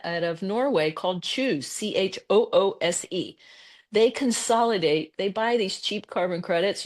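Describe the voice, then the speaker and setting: A woman, a business executive as interview guest, telling a story casually and acting out the conversations she quotes. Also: medium pitch. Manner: animated, retells conversations in quoted voices.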